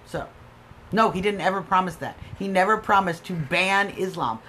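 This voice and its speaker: A woman's voice: lowish voice, moderate pace, bright, forceful tone, a little hiss or hum. An American woman hosting a live political stream, arguing emphatically and answering viewer comments. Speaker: livestream host.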